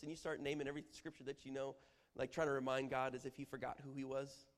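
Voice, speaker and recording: A man giving a lively, humorous church teaching, acting out prayers as he explains them. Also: medium pitch, quick pace. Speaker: Bible teacher. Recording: long hall reverb.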